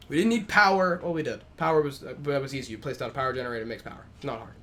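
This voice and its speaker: A man co-hosting a casual gaming podcast, telling stories in an animated way with a lot of swearing. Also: medium pitch, rapid-fire. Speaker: podcast co-host.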